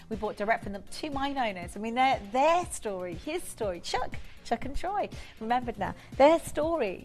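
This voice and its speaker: A woman presenting a live jewellery auction on a shopping channel, gushing over the stones in rapid sales patter and reeling off bidders' names. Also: medium pitch. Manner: reels off bidder names and congratulations.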